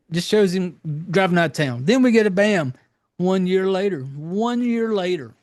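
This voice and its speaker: A man hosting a podcast, recapping a horror film in a rambling, profane, loose way with lots of fillers. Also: sits high. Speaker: podcast host. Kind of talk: casual movie recap.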